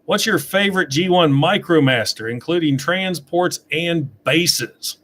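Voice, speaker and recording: A man's voice: a little high, a little slow, few pauses, fairly bright tone. A middle-aged man chatting casually on a livestream, reading out and answering viewer questions from his desk webcam. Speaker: toy reviewer answering live chat.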